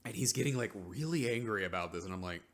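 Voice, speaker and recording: A man with a fairly low voice and lively intonation rambles casually through a recap of a TV episode. This vlogger's rant is packed with filler words, and he mocks the characters in quick quoted asides.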